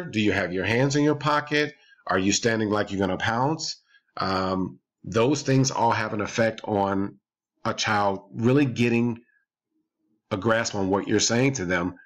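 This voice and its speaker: A man giving calm, explanatory parenting advice on a podcast and repeating his points. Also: lowish voice. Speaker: parenting behavior coach.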